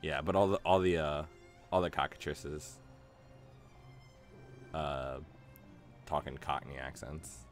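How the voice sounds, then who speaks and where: Man streamer, very deep voice, rambling casual chat, filler-heavy, faint game music. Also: slow, long pauses. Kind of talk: casual let's-play chat.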